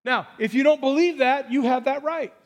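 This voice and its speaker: At a moderate pace, a pastor with a notably high male voice delivers a casual, chatty sermon. Along the way he throws in humorous asides and stumbles as he repeats words.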